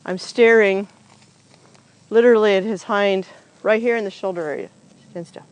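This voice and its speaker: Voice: mid-range voice, steady tone, moderate pace, clear, resonant tone, lo-fi sound. A horse trainer working a horse outdoors, explaining each step aloud in a casual, chatty way to a camera set up nearby. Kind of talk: casual explanatory groundwork demo. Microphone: camera set up nearby on the ground.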